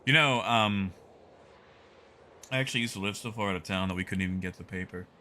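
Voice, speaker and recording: A man's voice: on the low side, a little fast, bright, forceful tone. A man streaming a game live, chatting casually with his viewers by name while he plays.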